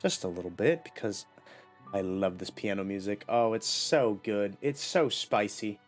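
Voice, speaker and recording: Chatty, animated male game streamer. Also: fairly low pitch, a little slow, soft background music. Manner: chatty, playful self-talk. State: slight cough. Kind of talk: casual live gameplay chat.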